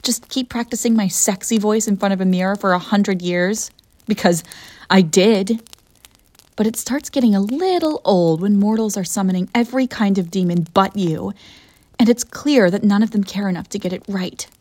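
Woman doing a proud centuries-old succubus, haughty, theatrical, mid-pitched, dry close sound. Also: normal speed, darkish tone, no echo, lightly acted. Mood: grumbling. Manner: haughty and theatrical, defensive when pressed. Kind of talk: audio role-play addressed to the listener.

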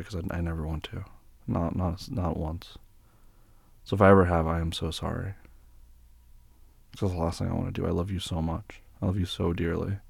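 A young man speaks in a deep, husky voice with a gravelly edge, recorded dry and close. He plays a tender boyfriend role-play, reassuring and patient. His speech is soft, with little stammers and restarts. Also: no echo.

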